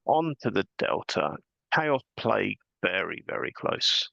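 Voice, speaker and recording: Gravelly low-voiced man, dry sound. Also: slow, no echo. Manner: relaxed, rambling, chuckles often. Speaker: podcast host. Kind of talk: casual chat. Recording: dull lo-fi sound.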